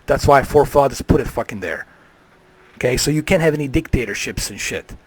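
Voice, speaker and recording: A man's voice: mid-range voice, expressive, quick pace, slightly rough. A man ranting on a live stream, heated and profane, swearing freely.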